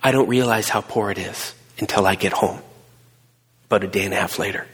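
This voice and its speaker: A middle-aged man preaching a sermon, telling a personal story with emphatic swings between hushed and raised delivery. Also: fairly low pitch, a little fast, husky. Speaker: pastor. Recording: long hall reverb.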